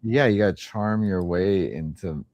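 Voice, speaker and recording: Young male podcast host, very deep and warm, easygoing and profane. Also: unhurried, muffled recording. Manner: laid-back, swears casually, trails off. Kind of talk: casual chat.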